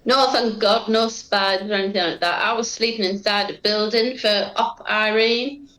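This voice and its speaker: An upbeat British woman chats casually on a podcast. Her answers are brisk, and her voice echoes noticeably in the room. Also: mid-range voice, steady tone, fairly bright tone. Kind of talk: casual chat.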